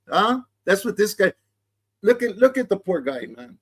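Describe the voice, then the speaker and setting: A man's voice: high voice, big pitch swings, normal speed, husky. A middle-aged man giving casual commentary, in laid-back street talk full of slang and restarts. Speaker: vlogger reacting to a clip.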